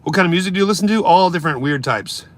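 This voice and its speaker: A man's voice: high-pitched, expressive, very fast. A man live streaming, ranting casually and mocking his chat in a brash, swearing way. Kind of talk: casual comedic rant.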